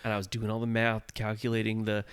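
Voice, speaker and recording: A man's voice: fairly low pitch, quick pace, clean tone, dry recording, studio quality. A man in his thirties casually telling a long story on a podcast, acting out his own fearful lines as he goes. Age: 30s. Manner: animated storyteller, acts out his own fear in quotes. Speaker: podcast co-host.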